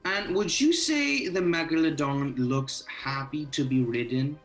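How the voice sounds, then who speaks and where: A man playing a tabletop game, excitable and swearing freely as he describes his moves. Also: fairly high pitch, measured pace, far from the mic, faint music behind. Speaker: player. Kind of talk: tabletop role-play.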